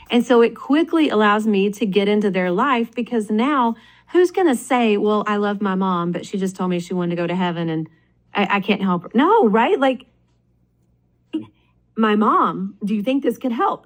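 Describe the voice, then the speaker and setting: A woman leading a sales team, telling an energetic story about her business in a conversational interview, often asking "right?" and saying "like". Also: medium pitch. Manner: enthusiastic, animated, frequent "right?" and "like". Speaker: network marketing leader.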